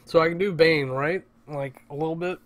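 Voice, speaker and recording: A man's voice: on the high side, steady tone, moderate pace. A man rambling casually at home in a vlog, interrupting himself and swearing often. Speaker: vlogger.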